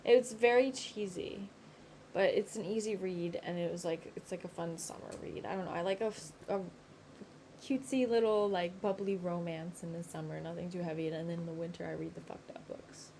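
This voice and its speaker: A woman co-hosting a casual podcast chat, animated and giggly, talking in quick bursts. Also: on the low side, a little hiss or hum. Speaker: podcast co-host.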